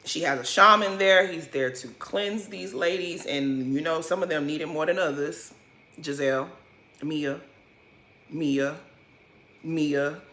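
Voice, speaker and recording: A woman's voice: low-pitched, unhurried, pushed and bright. A woman giving a casual, blunt recap of a reality TV episode, swearing freely and full of slang. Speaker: recap host.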